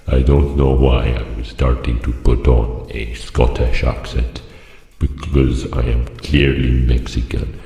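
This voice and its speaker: A man with an extremely low, unhurried voice delivers joking commentary with a straight face, trailing off into fillers. His voice rings in an echoey room with a long reverb tail. Faint music plays underneath. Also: vocal fry. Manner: deadpan, mock-serious, rambling with many fillers. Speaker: channel host ranking other creators. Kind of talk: joking tier-list commentary.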